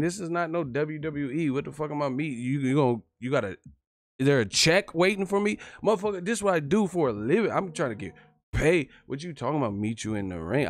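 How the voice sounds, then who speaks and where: A man hosting a live stream, giving casual, profane fight commentary, animated and quick to laugh. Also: medium pitch, no room sound. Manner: animated, profane, laughing, breaks into yelled impressions.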